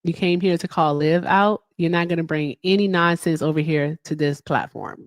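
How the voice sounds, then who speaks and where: A woman hosting a livestream, talking casually and teasing her callers with a laugh. Her voice sits a little low, and the sound is dry and close to the mic. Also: fairly even intonation, normal speed, dry recording. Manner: playful, teasing, laughs often. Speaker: livestream debate host.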